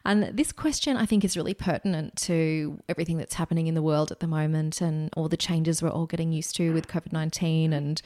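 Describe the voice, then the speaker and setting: A woman hosting a casual interview, relaxed and murmuring agreement often. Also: sits low, dry recording, studio quality. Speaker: podcast host.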